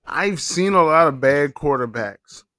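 A man hosting a casual fantasy football podcast, talking in slow, emphatic, profane banter. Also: on the high side, expressive, a bit bright, no room sound, clean studio sound. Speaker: podcast host. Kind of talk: casual sports chat.

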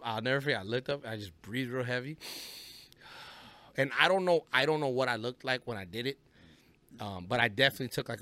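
Bright-toned cali guy, rapper on a podcast, cursing and telling stories. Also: mid-range voice, dry recording. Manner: storytelling, profane, acts out quoted voices. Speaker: rapper guest. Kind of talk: casual podcast interview.

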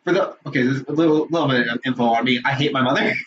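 A young man co-hosting a podcast in casual chat, animated and swearing a lot, laughing often. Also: medium pitch, quick pace. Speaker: podcast co-host. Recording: muffled lo-fi audio with faint noise.

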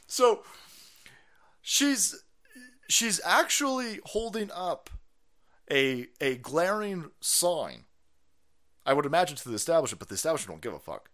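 A man hosting a political stream, ranting loudly and sarcastically with lots of swearing and mocking voices. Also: on the high side, very animated, unhurried, pauses often. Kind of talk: profane ranting commentary.

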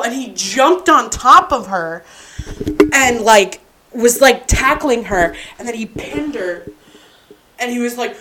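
A woman's voice: on the high side, measured pace, background noise. A woman co-hosting a podcast, telling a story in casual chat, full of "like" and "um" and laughing as she goes. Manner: animated storyteller, frequent "like" and "um"; laughs through her anecdotes. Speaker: podcast co-host.

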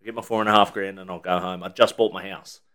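A man's voice: low voice, steady tone, quick pace, fairly bright tone. An Australian man chatting casually on a podcast, telling stories and acting out the people in them. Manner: laid-back, swears, acts out quoted lines. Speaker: podcast co-host. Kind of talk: casual chat, storytelling.

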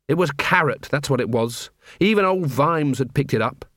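A man narrating an audiobook with dry, measured storytelling. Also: mid-range voice, animated, a bit bright, dry recording. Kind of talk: scripted narration.

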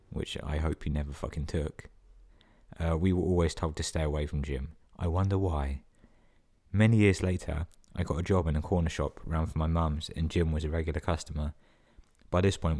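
A man's voice: a bass voice, a little mellow. A man hosting a podcast, reading listener emails aloud and breaking in with sweary, sarcastic comments. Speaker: podcast host.

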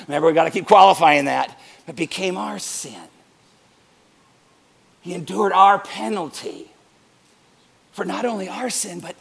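Playful, gravelly middle-aged pastor preaching. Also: male voice, high-pitched. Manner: playful, joking, animated. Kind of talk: sermon.

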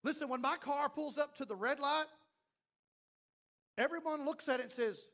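A man preaching a sermon as pastor, acting out the voices of doubters and of God, swinging from loud to hushed. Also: very high-pitched, normal speed.

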